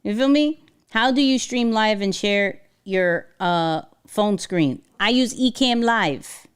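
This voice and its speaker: A woman hosting a casual livestream, talking in an animated, slangy way and laughing often. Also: mid-range voice, slow pace, clear, resonant tone. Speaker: livestream host.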